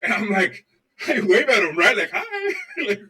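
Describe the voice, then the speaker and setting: A man's voice: sits high, expressive, normal speed, bright, forceful tone, slightly rough, distant mic, rough recording. A man co-hosting a podcast, chatting casually and telling loose, profane stories full of swearing. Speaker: podcast co-host. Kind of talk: casual chat, rambling storytelling.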